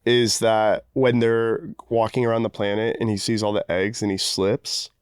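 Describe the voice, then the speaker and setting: A man's voice: fairly low pitch, level tone, moderate pace, smooth, no echo, clean studio sound. A man co-hosting a podcast, talking casually about a film in a laid-back, rambling way, full of "like". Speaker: podcast co-host. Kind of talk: casual film-review banter.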